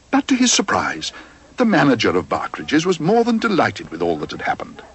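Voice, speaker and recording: A man narrating a cartoon storybook in a gentle, expressive way. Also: lowish voice, fairly quick.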